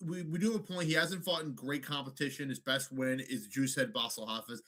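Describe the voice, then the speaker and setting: A man co-hosting a podcast, chatting about fights in an animated, profane way and slipping into mock voices. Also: medium pitch, fairly quick. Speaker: podcast co-host. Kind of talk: casual sports banter.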